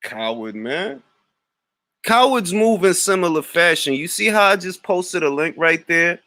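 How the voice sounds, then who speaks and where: Hosting a livestream, a Harlem man with a New York accent delivers a taunting rant of mocking, slang-heavy trash talk. His bright, forceful voice is animated and unhurried, swinging widely in pitch, and the recording is dry and close with no echo.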